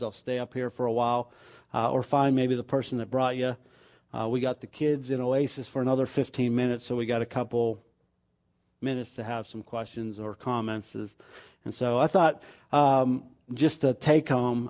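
A man leading a small church group, giving announcements and talking things over in a halting way, with lots of fillers and restarts. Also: medium pitch, darkish tone. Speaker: pastor.

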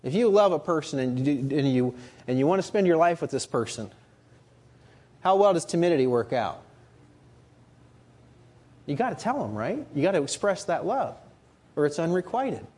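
Husky, lively male preacher. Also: fairly high pitch, brisk. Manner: earnest, rising to emphatic rhetorical questions. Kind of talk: sermon.

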